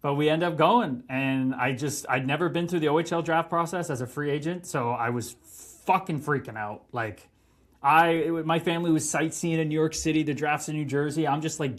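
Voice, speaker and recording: A man in his thirties, a hockey player telling stories on a podcast, animated, swearing and laughing as he goes. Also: a little high, fairly quick. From Canada. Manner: animated, profane, laughing storyteller. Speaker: guest, pro hockey player. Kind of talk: casual podcast storytelling.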